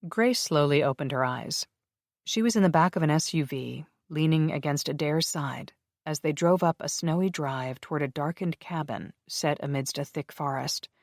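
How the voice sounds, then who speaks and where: An audiobook narrator reading a paranormal romance in an even, measured way. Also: medium pitch, no echo. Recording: dry close studio recording.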